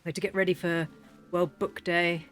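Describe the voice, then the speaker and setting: Chatty British mum, low voice. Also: female voice, little pitch movement. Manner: rambling, chatty, quick to laugh. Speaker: gaming vlogger. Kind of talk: casual chat over gameplay. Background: faint game music.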